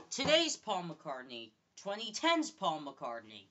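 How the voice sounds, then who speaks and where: A woman's voice: high-pitched, animated, unhurried, bright, forceful tone, dull audio. A woman in a blunt, profane vlog rant who keeps repeating her points for emphasis. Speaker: vlogger. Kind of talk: ranting monologue to camera.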